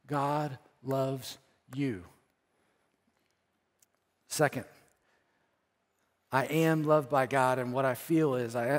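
Earnest slow preacher in a reverberant church. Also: male voice, mid-range voice. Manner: earnest, repeats phrases, swells then drops soft. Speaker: pastor. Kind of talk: sermon. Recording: church hall with long reverb.

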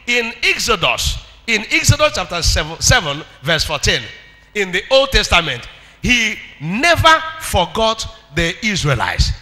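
A man's voice: high-pitched, sing-song, unhurried, bright, forceful tone, big-room sound. A man with a Nigerian accent preaching a fervent sermon, leading the congregation in call-and-response.

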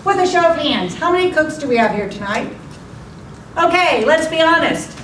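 A woman in her forties delivers a motivational contest speech in a high voice, with a theatrical, emphatic delivery. She is recorded from the back of an echoey club room, so her voice sounds distant. Background noise runs underneath. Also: lively intonation, moderate pace, a bit bright. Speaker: contest speaker. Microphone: far room mic. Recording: echoey room from far off, noisy.

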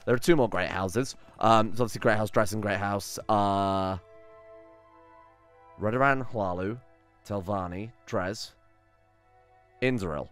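A man's voice: fairly low pitch, animated, moderate pace, long pauses, dry recording, faint music behind. Chatty man commenting on gameplay. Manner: chatty, swearing, thinking aloud. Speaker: let's play host.

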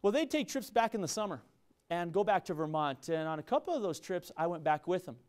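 A middle-aged university business professor with a San Luis Valley Colorado accent gives an earnest public lecture to students. His high-pitched, darkish voice has a clear, resonant tone and is very animated and brisk, and he often repeats himself and restarts phrases.

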